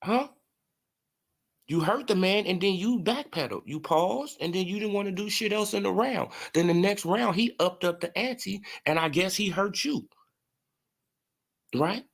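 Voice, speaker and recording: A man with a somewhat high voice hosts a loose sports commentary stream. He jokes and mocks, swears freely and breaks into laughter. He talks back to his chat as he goes. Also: normal speed, gravelly. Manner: mocking, profane, laughs often, replies to chat. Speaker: boxing commentary host. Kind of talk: casual livestream sports commentary.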